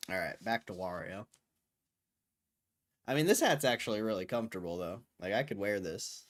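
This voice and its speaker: A man's voice: on the low side, animated, normal speed, long pauses, fairly bright tone. Laid-back, slangy young man streaming. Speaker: livestream host. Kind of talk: casual chat reading viewer comments.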